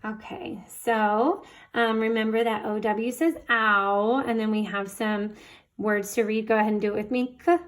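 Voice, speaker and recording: A woman's voice: a little high, moderate pace. A woman teacher giving a remote reading lesson to young children, patiently sounding out letters and praising her students.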